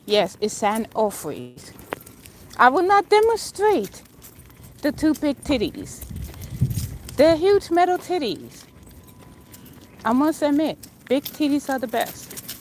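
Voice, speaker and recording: A woman's voice: high voice, big pitch swings, slow, pauses often, darkish tone, a little hiss or hum. A middle-aged woman hosting a rambling livestream outdoors, chatting to viewers by name and jumping between opinions as she walks city streets. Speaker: livestream host. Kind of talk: rambling livestream chat while walking.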